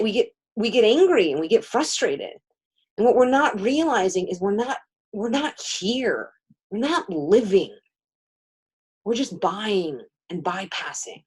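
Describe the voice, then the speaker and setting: A woman co-hosting a casual spiritual chat show, rambling and animated, with swearing and offhand asides. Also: mid-range voice, breathy edge. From San Francisco area. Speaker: co-host, card reader.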